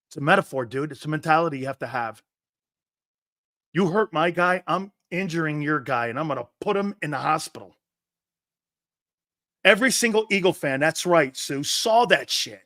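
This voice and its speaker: A man's voice: fairly high pitch, lively intonation, moderate pace, pushed and bright, no room sound, studio quality. A man hosting a live sports talk show, reading viewer comments and ranting in a brash, profane, fired-up way.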